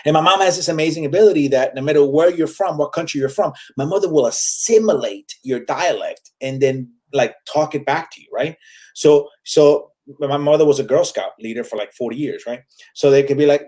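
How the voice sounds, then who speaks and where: Guesting on a casual interview, a Puerto Rican-accented comic in his forties mixes English and Spanish and leans on lots of fillers. He talks fairly quickly in a higher voice with a dark tone.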